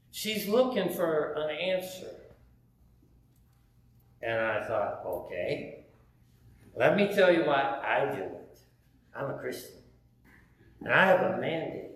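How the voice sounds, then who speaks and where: A man telling a story in a sermon, animated, acting out the dialogue he quotes. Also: on the high side, a little slow, long pauses. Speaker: preacher. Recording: very echoey room, faint background hum.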